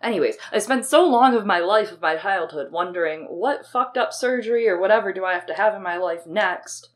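A woman's voice: mid-range voice, expressive, fairly quick. A young adult woman co-hosting a podcast, talking in a chatty, rambling way with frequent swearing. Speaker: podcast co-host. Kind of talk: casual chat.

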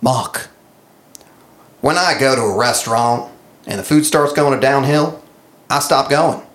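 A man's voice: mid-range voice, drawn-out words, reverberant, pitched above the performer's own voice. A man voicing an indignant male sports fan commenter in a silly put-on accent. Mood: fed-up.

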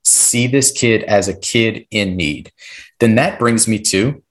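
A man's voice: on the low side, takes it slowly. A man explaining classroom strategies on a podcast, coaching listeners and checking in with a frequent "right?". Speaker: podcast guest, classroom behavior expert.

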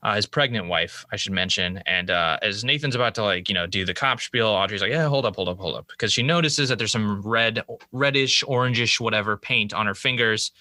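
A man talks through a TV episode in casual, profane podcast chat, sprinkling in quick quoted asides. His voice sits low but comes out bright and forceful. The sound is dry and close. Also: no echo. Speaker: podcast co-host recapping a TV episode.

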